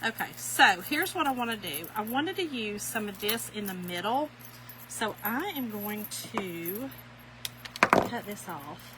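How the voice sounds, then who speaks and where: Animated but unhurried, this middle-aged craft tutorial host speaks in a mid-range voice over a noisy background. She giggles, tells a funny story, and chats folksily to viewers she calls y'all as she demonstrates.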